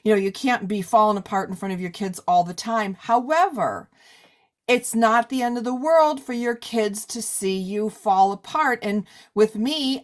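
A woman in her forties in a casual conversation, talking loosely with lots of "like" and "you know". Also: medium pitch. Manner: chatty, many fillers like "like" and "you know". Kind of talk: casual chat.

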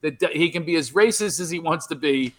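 A middle-aged man telling stories as a comedian guest, with a somewhat raised pitch. He rambles and restarts often, animated and loose, over a remote call. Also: a little fast. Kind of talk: casual podcast interview.

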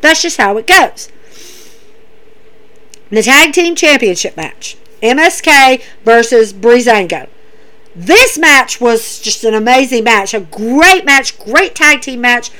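A woman casually recapping wrestling events, animated, dropping her voice to act out what the wrestlers say. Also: takes it slowly. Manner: animated, acts out wrestlers' lines in a lowered voice.

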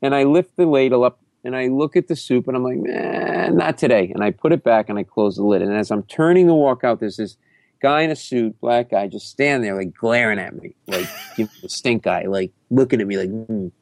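A man telling a story as a comedy guest, loud and profane, often breaking into shouted reenactments. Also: medium pitch, a little fast, no room sound. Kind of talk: animated storytelling.

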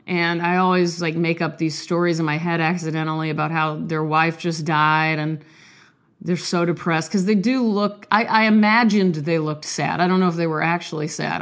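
Low-voiced woman chatting while sick. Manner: rambling, self-deprecating, candid. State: sick, coughing. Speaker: artist vlogger. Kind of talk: casual confessional chat and poetry reading.

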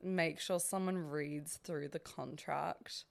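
A woman's voice: deep voice, fairly even intonation, slow pace, vocal fry. A young woman hosting a podcast in casual chat, talking freely with lots of "like" fillers. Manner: chatty, many "like" fillers. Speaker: podcast host.

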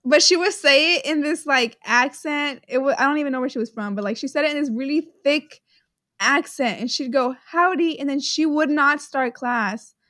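A young woman from Texas with a Texan accent, co-hosting a laid-back podcast. She talks in a giggly, bubbly way, full of likes and ums, her voice sitting high. The sound is dry and close, with no room echo. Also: normal speed, a bit bright. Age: young adult. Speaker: podcast co-host. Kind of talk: casual chat.

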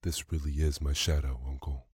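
A frail young woman speaks softly of her uncle, voiced by a man reading the story. The delivery stays very deep and flat, with a warm, dark tone on a dry recording. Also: moderate pace, breathy edge, no room sound, full character voice. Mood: sad. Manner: quiet, subdued. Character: frail, gentle young woman, sad and devoted.

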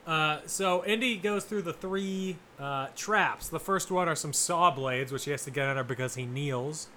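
A man co-hosting a podcast, recapping a film plot in casual chat with dry, deadpan jokes. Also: on the high side, moderate pace, slight background noise. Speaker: podcast co-host.

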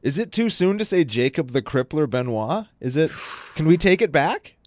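Male podcast co-host, profane wisecracker, expressive pitch, dry close sound. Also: normal speed, no echo. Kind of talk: casual podcast chat.

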